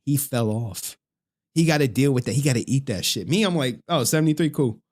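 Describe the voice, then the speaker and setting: A man's voice: medium pitch, animated, fairly quick. A man chatting casually on a live stream, talking straight to his chat in a loose, profane way and laughing often.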